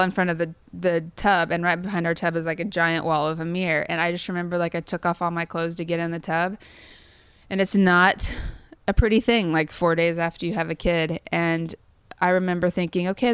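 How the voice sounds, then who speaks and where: A woman's voice: lowish voice, level tone, brisk, smooth, dry recording. A woman in her thirties telling a personal story in a casual interview, earnest and full of fillers. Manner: chatty, many "like" fillers, earnest. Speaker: songwriter guest.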